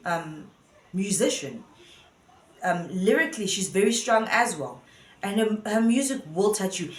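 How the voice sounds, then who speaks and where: A woman muses aloud in a casual commentary, earnest and a bit rambling at a middling pitch. Her voice rings in a roomy space with a noticeable echo. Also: fairly bright tone. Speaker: vlogger.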